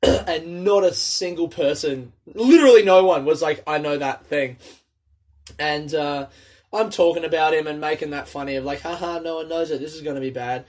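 A young man with a slightly higher voice talks in a loose, rambling monologue. He swears freely and goes off on tangents like a comedian unloading stories between gigs. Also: moderate pace. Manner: rambling, profane, animated storytelling. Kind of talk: casual monologue.

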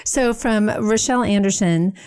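A woman co-hosting a podcast in a casual, expressive and animated way, with a voice of middle pitch. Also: moderate pace, smooth, no echo. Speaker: podcast co-host.

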